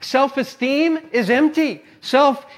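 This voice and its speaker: A man's voice: very high-pitched, slow pace. A man preaching a sermon, earnest and conversational, often checking in with "right?" and "okay?". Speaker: pastor.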